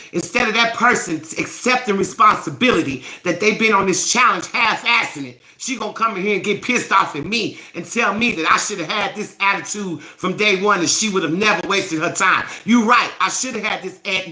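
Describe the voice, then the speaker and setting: A woman hosting a self-help live stream, scolding her viewers in a profane, forceful rant. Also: medium pitch, roomy sound, low-quality recording.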